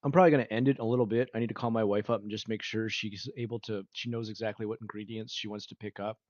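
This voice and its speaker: A man with a lowish voice chats loosely with his livestream audience, wandering from thought to thought and laughing often. His mic sounds dry and a little muffled, with a lo-fi dullness. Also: steady tone, quick pace, darkish tone, dry recording. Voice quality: rambling and chatty, with fillers and frequent laughs. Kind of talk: casual livestream chat with viewers.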